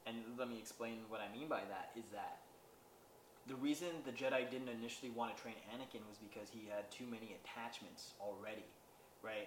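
A man's voice: medium pitch, fairly bright tone. A man hosting a podcast, recapping an episode in loose casual talk full of fillers. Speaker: podcast host. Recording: echoey room with faint noise.

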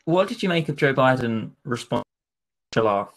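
A man's voice: medium pitch, very animated, normal speed, a bit bright. A man hosting a casual podcast discussion, asking his co-host questions in a conversational, slightly hesitant way. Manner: conversational interviewer, poses questions, hesitant with ums.

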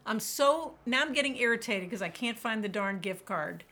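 A woman guest on a podcast, talking about burnout and telling lively stories in which she quotes herself. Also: on the high side, moderate pace. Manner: animated storyteller, quotes herself vividly. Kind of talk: podcast interview, storytelling.

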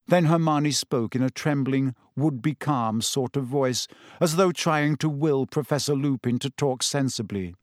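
A man narrating an audiobook in a measured, even way. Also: medium pitch, dry recording, studio quality. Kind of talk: scripted narration.

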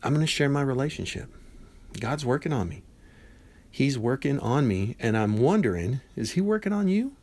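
A man in his fifties hosting a Christian devotional podcast, talking conversationally and acting out bits of dialogue with lively swings in voice. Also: mid-range voice, normal speed. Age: 50s. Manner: animated, conversational, acts out dialogue in quotes. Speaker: podcast host.

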